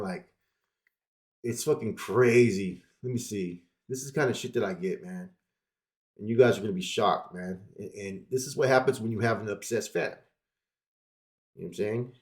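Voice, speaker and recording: A man casually telling a personal story straight to his viewers, swearing often and packing his talk with fillers. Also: medium pitch. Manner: profane, animated storytelling with lots of fillers.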